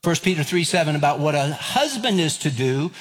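Animated pastor in his fifties. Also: a little high, a little fast. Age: 50s. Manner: animated, acts out quoted voices and escalating lines. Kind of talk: sermon with storytelling. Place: church sanctuary. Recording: long hall reverb.

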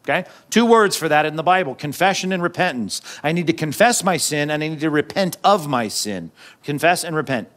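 In a relaxed, conversational sermon, a pastor whose voice sits slightly high for a man talks to his congregation at a fairly quick pace. He acts out the quotes he reads and slips in jokey asides.

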